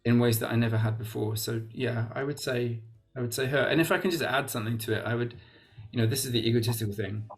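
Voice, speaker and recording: Welsh guy in a casual interview, thinking out loud, lots of "you know", faint music in the background. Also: mid-range voice, fast. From Wales. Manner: reflective, full of "you know" and restarts. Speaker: guest, actor.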